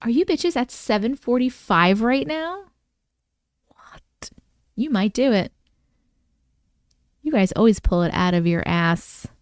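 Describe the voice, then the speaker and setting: A woman hosting a casual livestream, excitable and quick to exclaim at viewers' comments. Her voice sits a little high and comes through smooth and resonant. The sound is close and dry, with no room around it. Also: no echo. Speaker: livestream host reading viewer stories.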